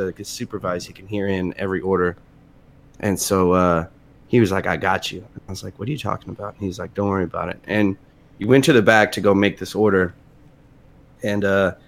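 Profane laughing man telling stories. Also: fairly low pitch. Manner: laughing, profane, acts out quoted voices. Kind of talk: casual crude storytelling chat.

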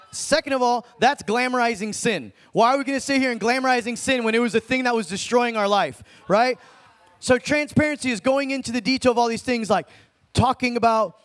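A young man preaching an informal sermon, animated and slangy, calling listeners dude and man. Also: very high voice. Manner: slangy, animated, talks in street terms like dude and bro.

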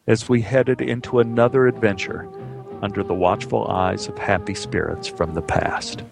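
A man's voice: on the low side, level tone, normal speed, gravelly, music in the background. A man telling a personal story aloud with a vivid, dramatic delivery.

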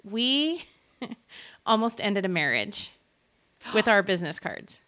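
A woman's voice: mid-range voice, big pitch swings, takes it slowly, bright, forceful tone. A woman co-hosting a podcast, telling a story in casual chat and laughing as she goes. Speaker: podcast co-host.

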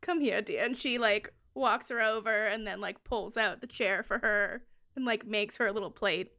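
A woman's voice: medium pitch, fairly even intonation, moderate pace, pushed and bright. A woman playing a tabletop role-playing game, describing her character's actions in a casual way. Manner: casual, filler-heavy narration. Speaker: player. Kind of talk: tabletop role-play narration.

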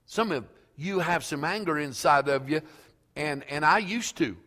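A male pastor preaching a sermon slowly and emphatically, reading scripture aloud in a church. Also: a little high, animated, pushed and bright, in a large hall.

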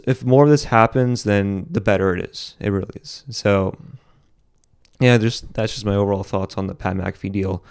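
A young man with a fairly low voice talks through his opinions on a solo podcast. He rambles, restarts his sentences, and leans on fillers as he keeps going. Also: darkish tone, smooth. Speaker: podcast host. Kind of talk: casual solo podcast commentary.

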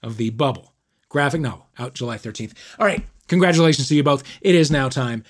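A man hosting and judging a comedy podcast game, announcing in a deadpan, mock-formal way. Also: medium pitch, fast talker. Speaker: game show host and judge.

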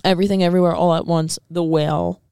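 A woman's voice: fairly low pitch, little pitch movement, quick pace, vocal fry, warm tone, clean tone, dry recording, clean studio sound. A woman co-hosting a podcast, talking in a casual, sarcastic and argumentative way, with some swearing. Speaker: podcast co-host. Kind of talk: casual chat.

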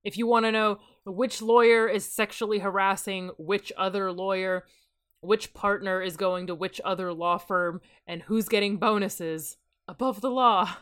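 A woman's voice: medium pitch, fairly even intonation, normal speed, fairly bright tone, smooth. Wry woman co-hosting a comedy podcast. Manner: wry, sarcastic commentary. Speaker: podcast co-host reading a novel aloud. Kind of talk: comedic book-reading podcast.

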